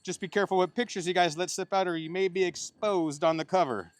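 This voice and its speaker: Speaking fast in a high, steady voice, a middle-aged man officiates as the bride's uncle at a wedding ceremony. His speech weaves heartfelt advice together with playful, joking asides.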